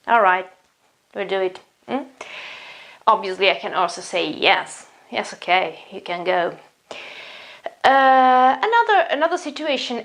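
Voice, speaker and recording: A woman's voice: mid-range voice, gravelly, a bit bright. A woman with an Italian accent, explaining English vocabulary in an online lesson and often repeating herself as she restarts phrases. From Italy. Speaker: English teacher.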